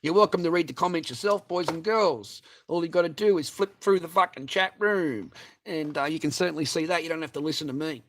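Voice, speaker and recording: A man rants on a livestream, his voice sitting a little high. He swears constantly and mocks his targets with heated scorn. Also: a little fast, a little hiss or hum. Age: adult with a child. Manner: profane, heated and mocking. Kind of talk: ranting livestream monologue.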